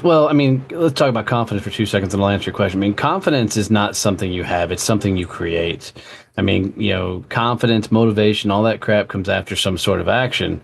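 Profane male entrepreneur guest, gravelly low voice, light background hiss. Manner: blunt, profane, animated storyteller. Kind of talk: casual interview storytelling.

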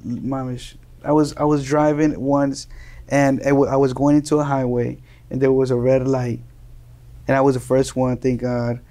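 A young man from Colombia, a native Spanish speaker, telling casual stories as an interview guest, animated and laughing often. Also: mid-range voice, normal speed. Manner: animated, laughing, acts out quoted voices. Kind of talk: casual storytelling.

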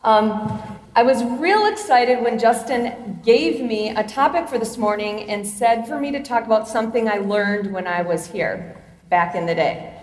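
A woman in her fifties speaks in a slightly high voice, telling personal stories in a chatty, self-deprecating way and laughing often. She sounds amplified through a mic in a large hall, with a roomy echo and a long reverb trailing behind her words. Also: a little slow. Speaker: chapel speaker. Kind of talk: chapel talk with personal stories.

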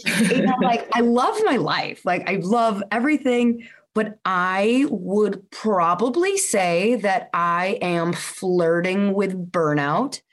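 A woman's voice: medium pitch, animated, slow pace. A woman in her thirties hosting a podcast, talking in a candid, chatty way. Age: 30s. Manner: chatty and candid, rambling lists. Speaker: podcast host. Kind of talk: casual chat.

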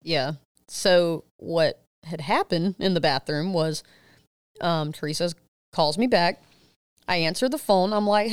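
A woman's voice: moderate pace, smooth, dry recording, studio quality. A middle-aged woman co-hosting a podcast, telling a story in casual chat and acting out the people she quotes with a rising voice. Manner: animated retelling, quoting others with rising pitch. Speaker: podcast co-host.

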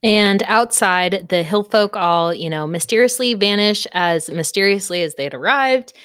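A woman's voice: mid-range voice, unhurried, fairly bright tone, clean tone, no room sound, studio quality. A woman co-hosting a book club podcast, recapping a novel in casual chat, laughing often and swearing freely.

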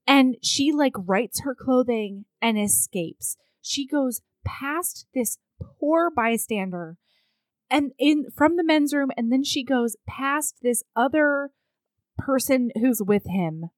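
A woman recaps a book in casual chat, taking her time over every word. She is blunt and crude, and she tells it with animation. Her voice sits a bit high and sounds dry and close. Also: expressive, slow pace, dry recording.

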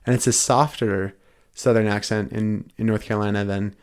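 A man's voice: fairly low pitch, steady tone, moderate pace, smooth. A man in his thirties, a podcast host taking the guest seat, telling his story in an earnest, casual way with frequent restarts.

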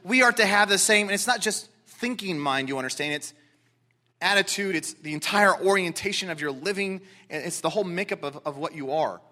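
A man preaching a sermon, explaining scripture and dropping into quiet, earnest asides. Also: high voice, fairly quick. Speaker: pastor.

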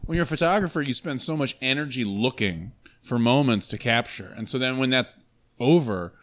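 A man's voice: mid-range voice, animated, a bit bright. Rambling man, guest photographer. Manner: rambling, halting with fillers. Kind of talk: casual podcast chat.

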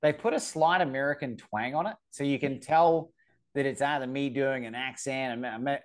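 A man's voice: medium pitch, moderate pace. Chatty New man on a call. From New Zealand. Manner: chatty, stumbles and restarts often. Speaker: host. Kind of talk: casual video-call conversation. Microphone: video call.

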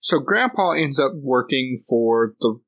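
A man's voice: medium pitch, animated, a little slow, a bit bright. A man co-hosting a podcast, telling long stories in casual chat, laughing often and restarting his sentences. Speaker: podcast co-host.

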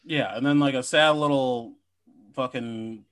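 A man's voice: mid-range voice, fairly even intonation, a little slow, a bit bright. A man co-hosting a podcast in casual chat, joking and slipping into silly impressions. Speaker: podcast co-host.

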